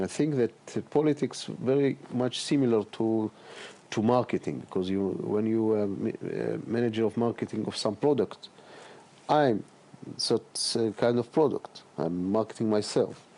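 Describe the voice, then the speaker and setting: A middle-aged man answers interview questions in a low, mellow voice. He speaks haltingly, filling pauses with "uh" and repeating words as he searches for them. He sounds like a politician guest.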